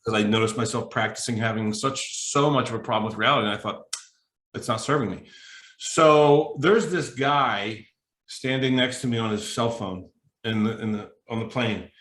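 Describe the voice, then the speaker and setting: A man tells a story with lively energy, and his voice rings bright and forceful. He leaps into high, shouted voices when he quotes other people. The sound is roomy, with a clear echo off the walls. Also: moderate pace. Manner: animated, acts out dialogue with big pitch jumps. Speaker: mental toughness coach. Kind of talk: storytelling in a podcast interview.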